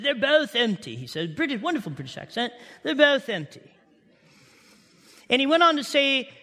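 A man preaching an Easter sermon, telling a story with animated delivery and repeating key lines for emphasis. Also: high-pitched, in a large hall. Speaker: pastor.

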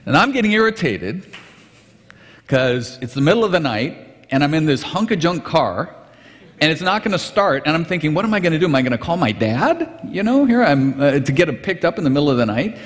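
Pastor guy telling a story in his sermon, lively up-and-down voice, kinda high, big echoey hall. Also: moderate pace. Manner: animated, conversational, with restarts. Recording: long reverb of a large hall.

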